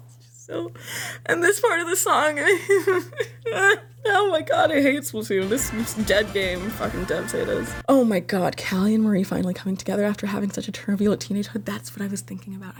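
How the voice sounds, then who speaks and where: Recording director's commentary on a video she made, a young woman gushes in a casual, excitable way. She swears a lot, and her voice jumps up into squealing highs whenever she gets passionate.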